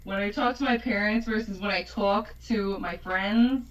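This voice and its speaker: A woman's voice: mid-range voice, moderate pace, dull audio. A woman with an American accent, a guest chatting casually and laughing often. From United States. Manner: giggly, chatty. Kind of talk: casual chat.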